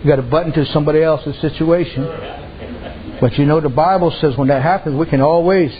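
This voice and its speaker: A Native American reservation pastor gives a sermon in a fairly high, steady voice, going a little fast. Folksy stories fill his preaching, and he acts out the people in them. The audio is lo-fi.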